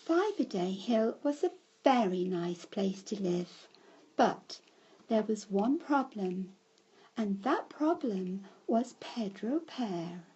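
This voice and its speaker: A woman reads a children's story aloud at an unhurried pace, her pitch rising and falling all through. Her voice is a little husky. The recording sounds muffled and lo-fi. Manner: slow, lively storybook telling with shouted character cries.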